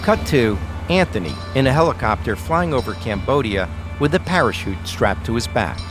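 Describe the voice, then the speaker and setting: Male podcast narrator, lively pitch, steady scripted delivery over clear music. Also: moderate pace.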